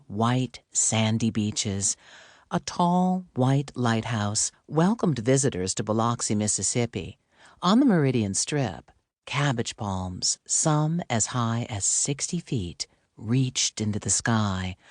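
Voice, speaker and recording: Narrating an audiobook, a man keeps his storytelling measured and level as he follows the script. The mid-range voice is recorded dry, with clean studio sound.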